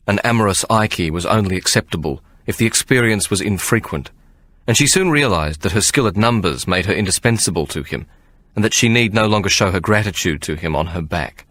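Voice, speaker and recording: A man narrating an audiobook with measured, expressive storytelling. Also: deep voice. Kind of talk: scripted narration.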